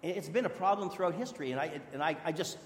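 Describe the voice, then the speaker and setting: A man's voice: fairly high pitch, lively intonation, very fast, a little hiss or hum. A man preaching a sermon in a church, earnest and conversational, often restarting his sentences. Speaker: pastor. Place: church hall. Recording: echoey hall with long reverb.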